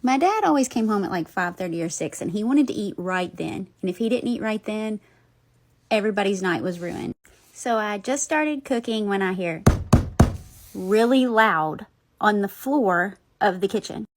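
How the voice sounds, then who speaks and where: Casting: young woman, lively and blunt, swears freely, casual ghost storyteller. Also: mid-range voice, moderate pace. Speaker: paranormal storyteller.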